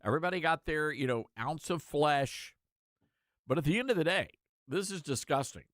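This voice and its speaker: A male talk radio host giving sarcastic, animated commentary with mocking asides. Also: fairly high pitch, normal speed, no room sound, studio quality.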